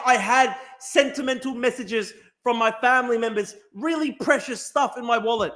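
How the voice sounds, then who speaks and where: High-pitched, ranting man. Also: normal speed, hardly any pauses. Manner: furious, profane, shouting rant. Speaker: streamer host. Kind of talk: angry ranting live stream.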